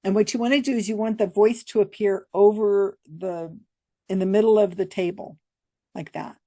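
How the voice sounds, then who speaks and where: A woman's voice: mid-range voice, steady tone, normal speed, dark tone, no echo. An American woman hosting, telling a story to camera in a chatty, rambling way and laughing often.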